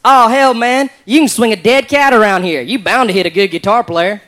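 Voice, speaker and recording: A man voicing a folksy, self-assured Southern redneck advisor with a Southern US accent and a slow drawl. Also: sits high, a bit bright, slight background noise.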